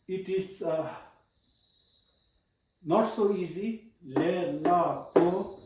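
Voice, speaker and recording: Speaking extremely slowly and pausing often, a high-voiced man with a Tibetan accent teaches a language lesson, explaining rules patiently one step at a time and repeating words. The recording has an echoey room, a distant mic and faint noise.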